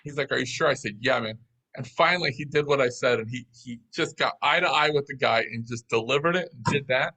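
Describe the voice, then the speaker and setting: A man telling a business story as an interview guest, in a lively, anecdotal way. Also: medium pitch, fairly quick, low-quality recording.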